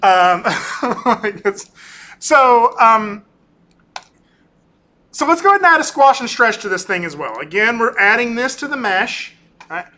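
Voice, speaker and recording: A male animation instructor lecturing casually through a software demo, often ending points with "right?" and pausing on "um". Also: very high-pitched, sing-song. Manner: casual, talkative, keeps tagging on "right?"; frequent ums and restarts. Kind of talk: recorded class lecture with screen demo.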